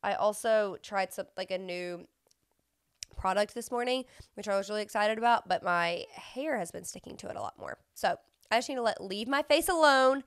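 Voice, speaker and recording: A young woman hosts a podcast, telling stories in a casual, chatty way while sniffling from a runny nose and filling her talk with "like". Her medium-pitched voice is clear and resonant at normal speed, recorded with clean studio sound and no room sound.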